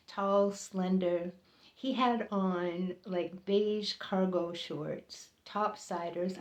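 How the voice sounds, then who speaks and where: A woman telling a personal story in an earnest, halting way, often pausing and repeating herself as the feeling builds. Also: darkish tone. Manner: earnest, halting, emotional, voices others' lines higher. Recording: roomy, slightly dull recording.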